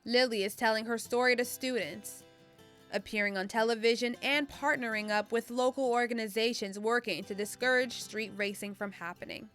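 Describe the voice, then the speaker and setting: A woman giving scripted narration for a local cable TV profile, even and informative. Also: on the high side, normal speed, faint music behind.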